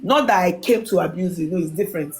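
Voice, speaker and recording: A woman talking casually on a live stream, insistent and animated, repeating herself as she makes her point. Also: fairly low pitch, quick pace.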